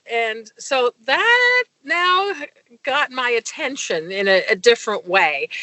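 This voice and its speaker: A woman's voice: medium pitch, fairly bright tone, no room sound. A middle-aged woman, a guest in an interview, telling a personal story with many fillers and restarts. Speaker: guest, medical consultant.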